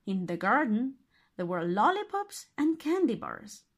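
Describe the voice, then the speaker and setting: A woman reading a fairy tale aloud as narrator, expressive and deliberate. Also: on the high side. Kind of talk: storybook reading.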